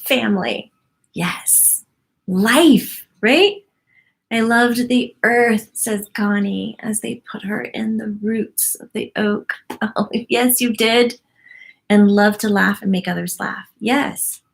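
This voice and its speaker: A woman in her forties hosts a live stream, reading her viewers' comments aloud at an unhurried pace. She is effusive and full of wonder, and laughs often as she chats. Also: mid-range voice, gravelly. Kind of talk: casual live-stream chat.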